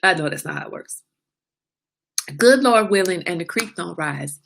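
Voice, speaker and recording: Woman, 40s, livestream host, bright tone, talkative, teasing exasperation. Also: lowish voice, expressive, normal speed, creaky, a little hiss or hum. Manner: chatty, laughing, exasperated with her son. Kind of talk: casual livestream chat.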